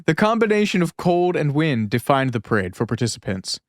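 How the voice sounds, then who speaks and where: A man's voice: on the high side, big pitch swings, brisk, dry recording, studio quality. A man co-hosting a podcast, reading an article aloud in a casual tone and breaking off for wry asides and laughs. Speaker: podcast co-host.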